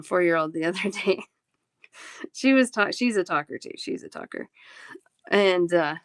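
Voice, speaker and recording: A woman's voice: fairly low pitch, dry recording, studio quality. A woman in her thirties, a talkative and giggly live-stream bead seller chatting casually with her viewers.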